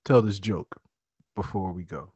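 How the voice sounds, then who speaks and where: A man co-hosting a podcast, telling a long family joke in a playful, animated way. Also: deep voice, a little slow, breathy edge, dry recording, dull audio. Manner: playful, animated storyteller doing character voices. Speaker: podcast co-host.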